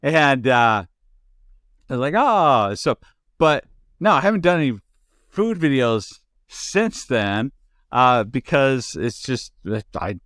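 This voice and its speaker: A man's voice: mid-range voice, expressive, takes it slowly, pauses often, fairly bright tone, smooth, no echo, studio quality. Rambling casual male podcast host. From United States. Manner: rambling, many restarts and fillers. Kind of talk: casual chat.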